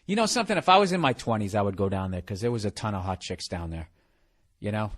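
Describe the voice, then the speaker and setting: A man's voice: lowish voice, expressive, fast. Profane ranting middle-aged man. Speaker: podcast host. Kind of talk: rambling comic monologue.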